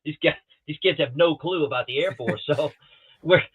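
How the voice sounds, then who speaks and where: This middle-aged man, a guest pilot, has a husky voice on the high side at a moderate pace. Over tinny, phone-like video call audio, he tells casual stories and performs others' lines.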